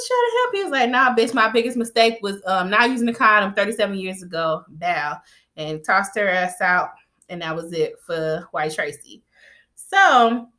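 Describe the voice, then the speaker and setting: A woman casually recapping a TV episode, retelling scenes in lively quoted voices with slang and laughter. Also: medium pitch. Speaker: TV recap vlogger.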